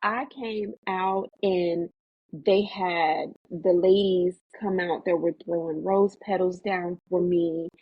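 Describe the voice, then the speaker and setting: A woman, an actress guest, telling her story in a casual interview, animated and acting out what others said. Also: slow pace, husky, no room sound. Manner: animated storyteller, acts out quotes in a higher voice. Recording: tinny phone-like remote line.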